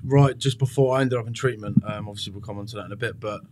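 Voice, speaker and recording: A man's voice: fairly low pitch, steady tone, racing, noisy background. A young man, a podcast guest telling his story candidly, with plenty of swearing. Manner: frank, sweary, confessional.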